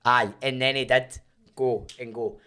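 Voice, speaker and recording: A Scottish man chatting on a podcast in a studio, often laughing and teasing. He talks at an ordinary middle pitch in loose, friendly banter. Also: level tone, measured pace, bright, forceful tone, smooth. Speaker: podcast co-host. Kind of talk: casual banter.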